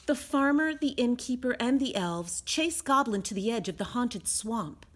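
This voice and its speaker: A woman reading a children's picture book aloud as a storyteller, expressive and sing-song. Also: on the high side, normal speed.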